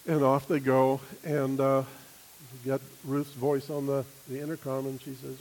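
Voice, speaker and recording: Animated male preacher telling a story. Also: mid-range voice, unhurried, slight background noise, low-quality recording. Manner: animated storytelling, laughing, acting out quoted voices. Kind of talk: sermon with personal story.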